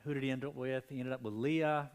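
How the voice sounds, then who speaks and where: A man's voice: mid-range voice, fast talker, clean tone. A man preaching a midweek Bible study in a church, reading scripture with growing intensity and a strained voice. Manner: animated, reads scripture with rising intensity. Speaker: pastor.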